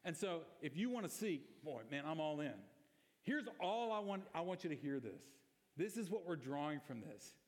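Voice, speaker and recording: A man's voice: fairly high pitch, animated, moderate pace. Conversational man preaching in a reverberant hall. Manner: conversational and emphatic, with rhetorical questions. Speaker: pastor. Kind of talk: sermon. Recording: long reverb of a church hall.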